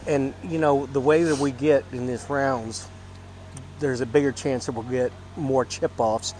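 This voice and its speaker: A man's voice: medium pitch, fairly even intonation, unhurried, a little mellow, a little hiss or hum. A chatty man doing loose live commentary outside at a golf course in the evening. His talk wanders with plenty of fillers and restarts. Faint outdoor ambience sits underneath. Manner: rambling, filler-heavy, chatty. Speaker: livestream commentator.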